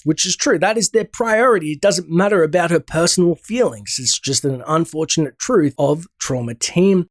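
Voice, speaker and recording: A man's voice: fairly high pitch, normal speed, hardly any pauses, dry recording, clean studio sound. Man casually recapping a comic story. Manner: relaxed, conversational, thinking aloud. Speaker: game lore channel host.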